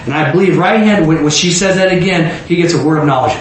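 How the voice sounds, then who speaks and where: A man preaching a sermon as pastor, talking with the congregation and acting out scenes with sudden shouts. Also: sits high, brisk, hardly any pauses. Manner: animated, acts out biblical scenes with shouts. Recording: echoey room with faint noise.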